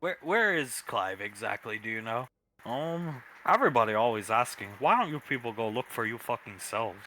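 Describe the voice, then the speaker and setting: A man's voice: mid-range voice, expressive, moderate pace, bright, forceful tone, a little hiss or hum, voice pushed down. A man voicing a brutish, dim-witted male creature who speaks in broken grammar. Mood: gruff. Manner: caveman-style broken grammar, gruff.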